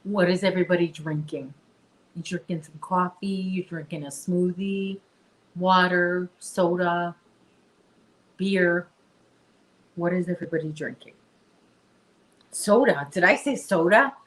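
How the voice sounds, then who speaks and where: A woman chats her way through a relaxed crochet livestream. She talks slowly and rambles from one thought to the next, addressing her viewers directly. Her voice sits on the low side. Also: poor audio. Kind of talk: casual livestream chat.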